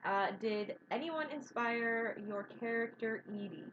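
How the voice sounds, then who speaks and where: A woman's voice: a little high, measured pace, fairly bright tone, a little hiss or hum. Chatty woman co-host, laughs a lot, muffled stream sound. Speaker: co-owner of a role-playing stream. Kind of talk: casual chat. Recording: dull lo-fi stream audio.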